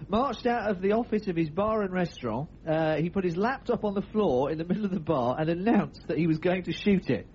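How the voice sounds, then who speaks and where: A man's voice: sits high, lively intonation, fairly quick, darkish tone, dull audio, slight background noise. A man hosting a comedy radio show, telling odd news stories with playful, laughing patter. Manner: playful, laughing, jumps into funny voices. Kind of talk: jokey comic radio patter.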